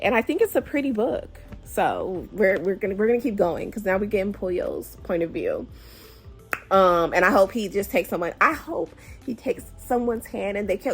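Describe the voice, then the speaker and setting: A woman's voice: medium pitch, lively intonation, moderate pace, breathy edge, soft background music. A woman hosting a casual book club vlog, chatty and emotive, often sighing as she reacts to the story. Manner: chatty and emotive, with frequent sighs.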